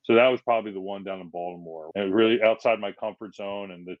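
A firefighter from Philadelphia, a man telling stories as a podcast guest, acting out the people he quotes in lively voices. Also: lowish voice, quick pace, hardly any pauses, no echo, narrow, tinny audio. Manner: animated, acts out quotes in changing voices. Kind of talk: casual storytelling in a podcast interview.

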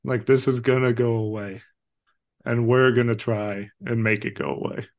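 A man's voice: mid-range voice, steady tone, moderate pace. A man co-hosting a casual film discussion, earnest and emotional, swearing casually now and then. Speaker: podcast co-host.

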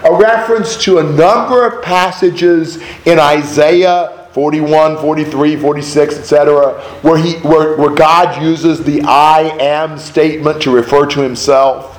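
Male Bible teacher, somewhat high voice, emphatic and lively, recorded in a roomy space with faint background noise. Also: a little slow, few pauses. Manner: emphatic, animated, with rhetorical questions. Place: room with a group of listeners.

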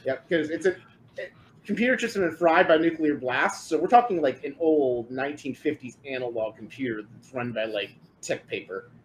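A man's voice: medium pitch, lively intonation, normal speed, slight background noise, low-quality recording. A man running a tabletop game as game master, explaining the rules casually.

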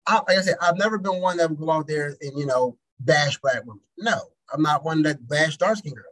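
Husky-voiced man, blunt and animated. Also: a little high, a little fast, hardly any pauses, low-quality recording. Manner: blunt, profane, animated storytelling. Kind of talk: casual chat.

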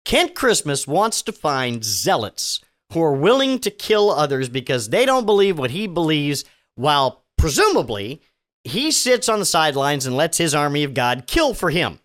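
Man, podcast host, sarcastic, profane, stumbling restarts, animated pitch. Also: normal speed. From Virginia. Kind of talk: solo news commentary podcast.

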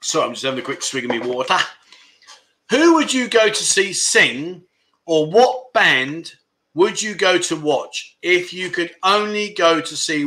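Middle-aged man, livestream host, rambling and teasing, sharp tense bright tone, slightly high voice. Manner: jokey, rambling, teasing, reading out viewer comments. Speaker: livestream chat show host. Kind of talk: casual livestream chat. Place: home in Pattaya.

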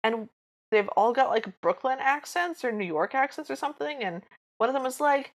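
A woman's voice: high-pitched, expressive, normal speed. A woman co-hosting a podcast, chatting casually and acting out cartoon scenes with playful voices. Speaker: podcast co-host. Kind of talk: casual chat recapping a cartoon.

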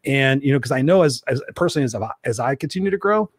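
Fast-talking joking man in his fifties. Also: medium pitch, dry recording, clean studio sound. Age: 50s. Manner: swears freely, joking, chatty. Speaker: host. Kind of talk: casual live-stream chat.

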